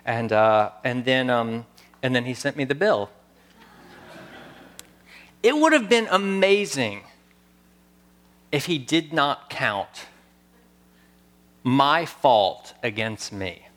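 A man in his thirties preaching a sermon, earnest and storytelling, pausing before key words. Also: mid-range voice, big pitch swings, a bit bright. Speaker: pastor.

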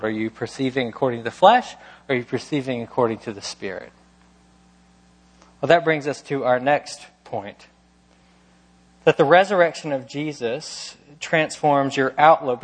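Emphatic male preacher in mid pitch. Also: big-room sound. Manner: emphatic, rhetorical questions, preaching with rising intensity. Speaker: pastor. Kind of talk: sermon.

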